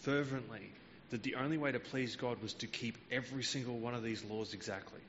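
A man's voice: mid-range voice, steady tone, brisk, a bit bright, big-room sound, muffled recording, a little hiss or hum. A man preaching a Bible teaching sermon, explaining verses patiently with frequent hesitant fillers.

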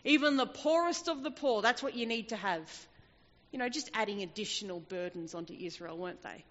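A woman preaching a sermon, telling a scripture story with lively acted-out voices. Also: mid-range voice, fairly quick. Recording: dull, echoey hall.

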